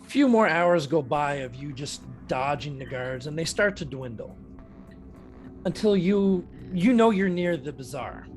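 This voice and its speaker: A man narrating a tabletop game as dungeon master, describing scenes in a steady, measured way. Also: on the high side, faint music behind.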